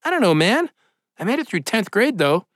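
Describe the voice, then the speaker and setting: A man's voice: sits high, sing-song, moderate pace, a bit bright, no echo, clean studio sound, voice pushed up, full character voice. A man voicing a skeptical young male dude who keeps asking questions. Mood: prying. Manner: prying, incredulous.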